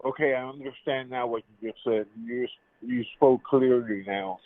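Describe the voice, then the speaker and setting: A man's voice: medium pitch, moderate pace, no echo. Insistent fifties man on a tinny phone line. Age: 50s. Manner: insistent, repeats his points in circles. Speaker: caller. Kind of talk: live call-in debate.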